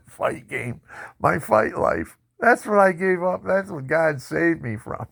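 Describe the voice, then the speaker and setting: A man telling his life story in a personal testimony, animated and boastful, laughing often. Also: a little high, slow pace, gravelly, husky.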